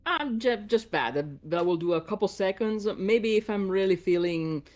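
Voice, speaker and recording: A woman's voice: mid-range voice, animated, moderate pace, darkish tone. A woman guest voice actor chatting casually on a podcast, laughing often and poking fun at herself. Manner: giggly, laughs often, self-deprecating.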